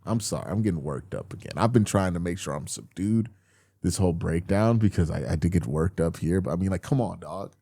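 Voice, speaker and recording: His voice sits low with some vocal fry and a slightly fast delivery, captured in clean studio sound with no room echo. Hosting a casual football film breakdown, he gets exasperated and animated, swearing now and then and addressing viewers as y'all.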